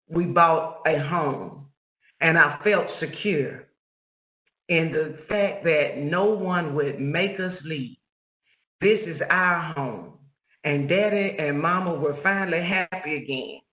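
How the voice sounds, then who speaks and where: Slow, reflective man on a thin call. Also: on the high side. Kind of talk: personal story told in a webinar. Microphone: video call. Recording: echoey, phone-like call audio.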